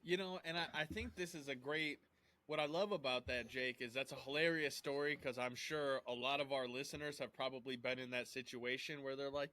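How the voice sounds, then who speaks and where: Bright-voiced enthusiastic podcast host, a man. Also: medium pitch, steady tone, a little fast. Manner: enthusiastic, playfully acts out hypothetical quotes. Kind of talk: casual interview chat.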